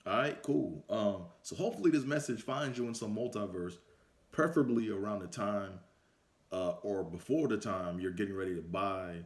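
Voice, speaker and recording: A man with a low, relaxed voice tells a story straight to the camera in loose, slangy talk, with the odd curse word. His voice carries a noticeable room echo. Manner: laid-back, slangy, swears freely. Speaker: vlogger. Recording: roomy echo.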